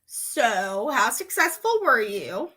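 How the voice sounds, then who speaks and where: Giggly woman reading a fan story out loud, high voice, chatting between bits. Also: sing-song, takes it slowly, slightly rough. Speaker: let's-play creator.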